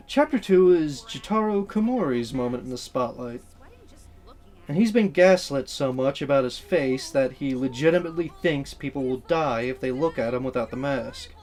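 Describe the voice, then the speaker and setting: A man hosting a video essay, with a voice of ordinary pitch. He speaks earnestly and bluntly, in a conversational tone. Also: a little mellow.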